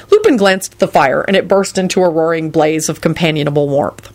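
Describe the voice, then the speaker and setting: A woman narrating a story in a measured, descriptive way. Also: low-pitched.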